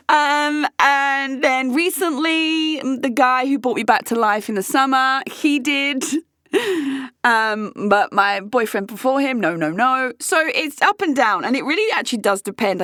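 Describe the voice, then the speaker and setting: Frank, chatty woman, higher voice. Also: fairly bright tone, no room sound, studio quality. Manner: frank and chatty, swears freely. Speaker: host. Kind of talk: candid casual chat.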